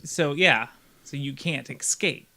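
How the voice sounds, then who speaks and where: Podcast co-host, male, bright and slightly high, loose rambling delivery. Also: slow. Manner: rambling, stops and restarts, laughs at his own points. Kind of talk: casual group podcast chat.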